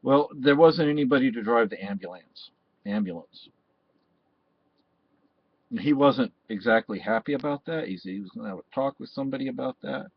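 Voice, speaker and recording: A man's voice: mid-range voice, moderate pace, creaky, breathy edge, dry recording. A man from Texas, talking in a rambling personal monologue that often restarts and repeats phrases. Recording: dull, dry lo-fi recording.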